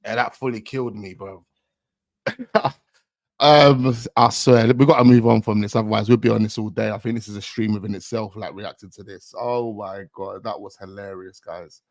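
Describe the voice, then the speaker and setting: A man hosting a casual reaction show, excitable and full of street slang. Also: lowish voice, normal speed, dry recording, clean studio sound. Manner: excitable, heavy street slang, breaks into laughter. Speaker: host reacting to a rap video.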